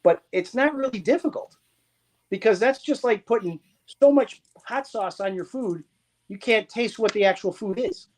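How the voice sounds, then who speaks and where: A middle-aged man talks in a relaxed, teaching way, his voice sitting a little high. He is animated and often slips into quoting other people to make his point. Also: moderate pace. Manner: animated, teaching tone, acts out quotes. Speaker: guest, cigar blender. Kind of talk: casual explanatory chat.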